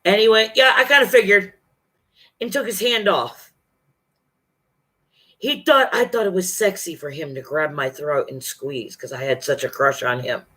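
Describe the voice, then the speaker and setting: Bright-voiced vlogger telling a story. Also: medium pitch, normal speed, breathy edge. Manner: profane, emphatic, quotes others in dialogue. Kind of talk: casual storytelling monologue.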